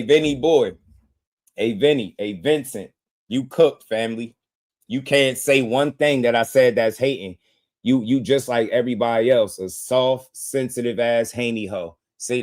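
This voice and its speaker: Mocking, laughing boxing stream host. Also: male voice, medium pitch, darkish tone. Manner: mocking, trash-talking viewers with frequent laughs; addresses chat directly, repeating names and taunts. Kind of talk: live-stream chat reaction.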